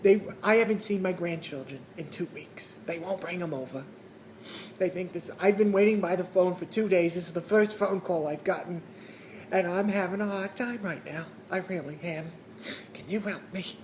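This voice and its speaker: Give me a man putting on a pathetic older Brooklyn parent, whiny and pleading, pitched a little higher and softer than his own voice, with a faint ambient hiss under it. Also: normal speed, lightly acted. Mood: desperate complaining. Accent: Brooklyn or Long Island.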